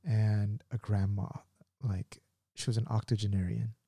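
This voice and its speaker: A man in his thirties hosting a podcast and telling a story in an animated, casual way, laughing at himself. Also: fairly low pitch, a little slow, background noise. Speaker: podcast host.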